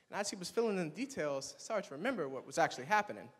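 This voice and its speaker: A young stand-up comedian from Swannanoa, North Carolina, with a fairly high voice, performs a rapid-fire set with few pauses. He tells his stories with animated play-acting, doing his friends in higher voices. His voice rings out in a campus hall with a long reverb tail.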